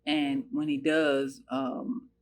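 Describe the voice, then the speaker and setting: A woman's voice: rumbling low, level tone, takes it slowly, a little hiss or hum. A woman from the United States telling a personal story in an earnest, searching way, with many fillers and restarts.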